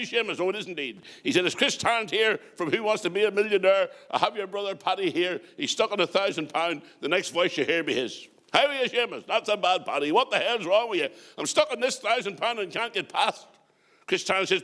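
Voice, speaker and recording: This Northern Irish comedian and compere, middle-aged, delivers stand-up with rapid jokes, quick punchlines and chatty asides to the audience. His voice is high-pitched and bright, with a forceful tone.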